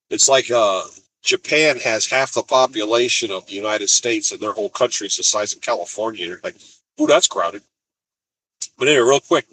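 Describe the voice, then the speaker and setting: A man's voice: mid-range voice, a bit bright, poor audio. A man from Colorado who drives a truck, telling rambling stories in a chatty, casual vlog and laughing easily. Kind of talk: casual storytelling.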